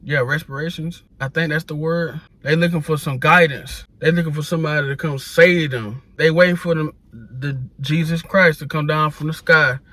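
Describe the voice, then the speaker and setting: Brief: man, slightly high voice, dry close sound, profane preachy rant to camera. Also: steady tone, moderate pace, sharp tone, no echo. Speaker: social media commentator.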